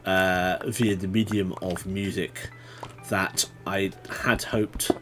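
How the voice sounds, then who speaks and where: A man's voice: sits low, level tone, slow pace, over music. A man chatting casually to his viewers while playing a game on a livestream, rambling and swearing when startled. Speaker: streamer. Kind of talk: casual gaming livestream chat.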